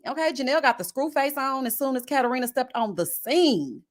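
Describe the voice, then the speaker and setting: With a high-pitched voice, a slightly fast pace and hardly any pauses, a young woman hosts a casual live recap on her reality-show review channel. She throws shade constantly, sassy and animated, slipping in slang asides.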